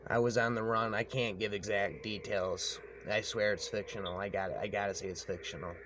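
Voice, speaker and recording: A man's voice: fairly low pitch, steady tone, fairly quick, background noise. A man telling a rambling story aloud, often repeating himself and tagging lines with "man". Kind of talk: rambling spoken horror story.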